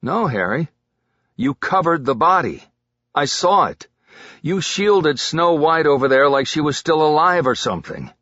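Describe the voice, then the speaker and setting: A man's voice: a little high, animated, measured pace, fairly bright tone, dry recording, dull audio, voice pushed up. A man voicing a talkative, restless police detective who keeps pressing his partner. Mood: agitated. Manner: restless, talks too much when keyed up.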